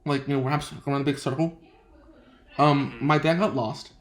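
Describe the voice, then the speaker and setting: A young man hosting a casual podcast chat, telling a story with lots of laughter and lively quoted voices. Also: mid-range voice, normal speed. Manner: laughing often, animated quoting of others. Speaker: podcast host.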